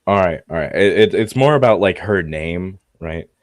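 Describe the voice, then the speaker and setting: A young man in casual gaming chat, talking in a halting way and swearing casually. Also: low voice, lively intonation, dry recording, clean studio sound. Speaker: tabletop game player.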